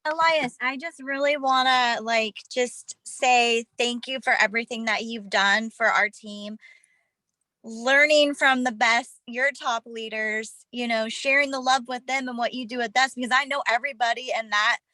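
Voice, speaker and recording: Woman thanking her coach, gushy and sincere, high bright voice, dry sound. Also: steady tone, moderate pace, no echo, rough recording. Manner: earnest and gushing. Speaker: team member.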